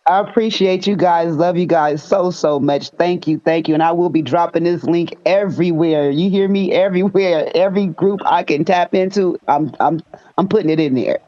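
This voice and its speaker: A woman's voice: on the low side, normal speed, mellow, lo-fi sound. A woman on a live video call, gushing with thanks and eager to get to work. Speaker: community member and new investor.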